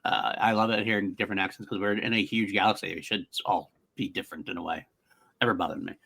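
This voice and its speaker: A man's voice: low-pitched, steady tone, fast, creaky, bright, forceful tone, breathy edge. A man co-hosting a podcast, chatting casually and enthusiastically, often repeating himself for emphasis. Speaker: podcast co-host. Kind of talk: casual chat.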